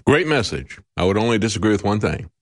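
A man's voice: fairly low pitch, very animated, quick pace. A male talk show host giving emphatic, indignant commentary with sarcastic asides.

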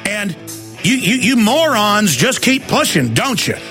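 A man hosting a talk radio show, ranting angrily, often shouting at his listeners. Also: sits high, very animated, measured pace, faint music behind. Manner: angry, shouting, accusatory. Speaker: radio host.

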